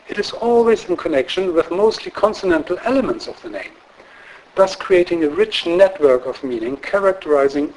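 A man giving an academic lecture in a measured, explanatory way, often checking in with tag questions and filling pauses with um and uh. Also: fairly high pitch, a little mellow, rough recording. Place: lecture room.

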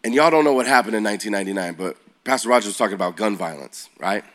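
A man in his forties preaches to young people in a youth sermon, telling a story in a loose, slangy way. His voice is on the low side and very fast, and he's animated, often asking the audience questions.

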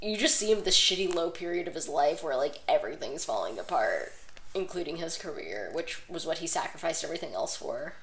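A woman's voice: sits low, big pitch swings, a little fast. A woman co-hosting a podcast in casual chat, blunt and sarcastic with strong opinions. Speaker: podcast co-host.

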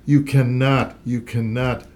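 A man's voice: mid-range voice, flat delivery, slow, a little mellow. Earnest man teaching scripture aloud. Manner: earnest, reads scripture aloud with rising emphasis. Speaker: Bible teacher co-hosting a Christian talk show. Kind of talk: conversational Bible teaching.

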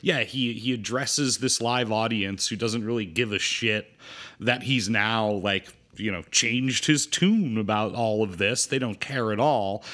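A man co-hosts a casual film podcast. His voice is mid-pitched and easygoing, and his talk rambles along, packed with fillers and restarts as he works his way toward each point. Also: unhurried. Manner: rambling, filler-heavy, relaxed. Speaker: podcast co-host.

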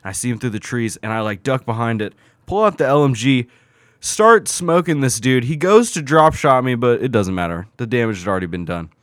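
A man in casual podcast chat, retelling a video game match in a lively, profane way with lots of fillers. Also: medium pitch, brisk, no room sound, studio quality.

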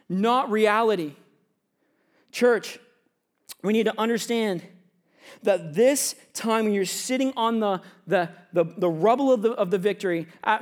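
Higher-voiced man preaching a sermon. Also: smooth. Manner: conversational, storytelling preacher who acts out little scenes; often drops to quiet, hushed tones in anecdotes. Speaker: pastor of students and young adults.

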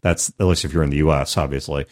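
A man's voice: very deep voice, steady tone, fast talker. A man hosting a podcast in casual chat, talking emphatically and laughing often, from Missouri. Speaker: podcast host.

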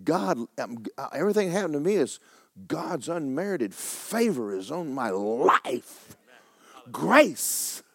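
A middle-aged man preaching a sermon in folksy storytelling, swinging from hushed tones to excited shouting. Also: a little high, slow, dry recording.

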